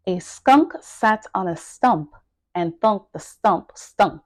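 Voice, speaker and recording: A woman teaching English pronunciation, saying tongue twisters slowly and deliberately, word by word. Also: medium pitch, expressive. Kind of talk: pronunciation lesson.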